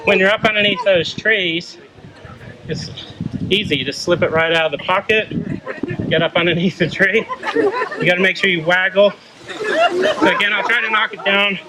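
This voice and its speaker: Australian man, showman banter, high-pitched, animated, outdoor golf course, loud crowd behind. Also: normal speed, pauses often. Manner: joking showman, teasing volunteers. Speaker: golf instructor performing a trick shot show. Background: loud crowd laughing and outdoor noise.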